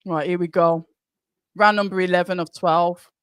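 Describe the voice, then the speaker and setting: His voice sits high and clean, with no room sound around it. He's hosting a live boxing watch-along, calling each round with quick, excited punch-by-punch commentary and chatting with the viewers during the breaks.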